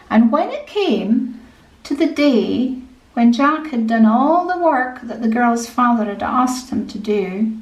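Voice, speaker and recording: Gentle Scottish woman storyteller for children, high and unhurried, roomy recording. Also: expressive. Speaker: storyteller and music tutor. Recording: roomy echo.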